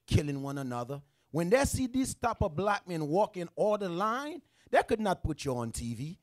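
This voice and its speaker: A man's voice: a little high, a little mellow. A man on a religious teaching panel, speaking earnestly and conversationally, often turning to address the listener directly. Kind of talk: casual teaching discussion.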